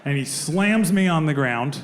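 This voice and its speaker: A man's voice: on the high side, expressive, a little slow, a crowd in the background. A middle-aged man doing stand-up comedy on stage, telling a story with dry asides and putting on other people's voices. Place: live comedy venue.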